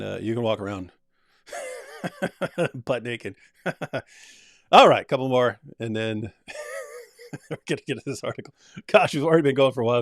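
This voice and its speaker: A man's voice: mid-range voice, dry recording, clean studio sound. A man hosting a live stream, telling a story casually with frequent chuckles and restarts. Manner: rambling, chuckling, many restarts. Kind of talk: casual storytelling and reading comments.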